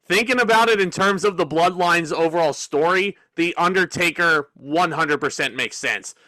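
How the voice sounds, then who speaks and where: A man's voice: fairly high pitch, normal speed, bright, forceful tone, dry recording, low-quality recording. A man co-hosting a wrestling review podcast, recounting events in order and correcting details in casual chat. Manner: recounts events step by step, corrects his co-host.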